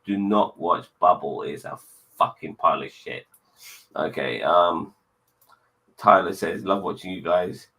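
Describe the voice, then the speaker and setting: A man hosting a casual online chat show, blunt and quick to swear, with cheery sign-offs. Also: sits low, pushed and bright, low-quality recording. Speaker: podcast host.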